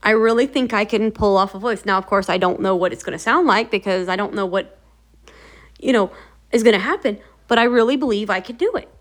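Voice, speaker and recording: A woman's voice: medium pitch, a little fast. A woman hosting a motivational video series, talking casually to the camera in a chatty, encouraging way with lots of fillers. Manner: chatty, animated storytelling with many fillers.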